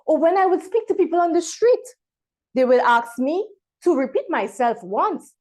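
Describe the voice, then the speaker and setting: A woman from Trinidad and Tobago, giving a prepared speech over a video call and pausing dramatically between words. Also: high voice, sing-song, a little mellow. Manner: dramatic pauses, emphatic word-by-word delivery. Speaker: club member giving a speech.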